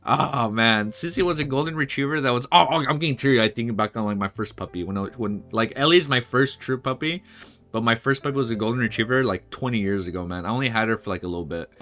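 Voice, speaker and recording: A man streaming a read-along of a web novel, reading haltingly with restarts and breaking into excited casual asides. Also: mid-range voice. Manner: reads aloud haltingly, stumbling and restarting. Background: faint background music.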